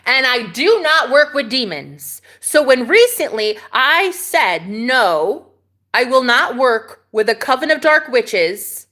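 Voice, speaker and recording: A woman's voice: fairly high pitch, sharp tone. Female vlogger, sassy and dramatic, swears, casual chat with viewers. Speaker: vlogger talking to live chat.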